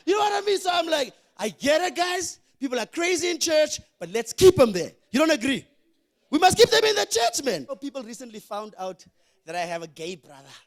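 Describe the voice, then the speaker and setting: A young Namibian man performs a stand-up comedy routine on stage. His voice sits very high for a man. He is animated, acts out characters and shouts his punchlines. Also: fairly quick, gravelly. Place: comedy venue with live audience.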